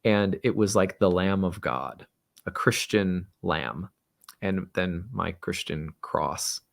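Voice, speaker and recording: A man hosting an astrology talk, telling a personal story in a halting, reflective way. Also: sits low, vocal fry. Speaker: astrologer host.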